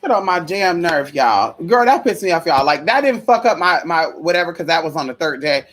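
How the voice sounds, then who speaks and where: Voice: mid-range voice, sing-song, a little fast, a bit bright, slight background noise. A vlogger telling a story in a casual, profane, chatty way, calling viewers y'all, girl and honey.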